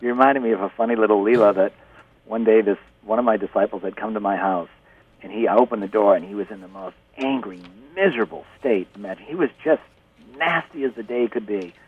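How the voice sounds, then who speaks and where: A man who is a spiritual teacher, a guest on a radio show, telling a story gently and laughing often over a phone line. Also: lowish voice, fast talker, breathy edge. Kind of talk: storytelling in conversation. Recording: tinny distant phone line.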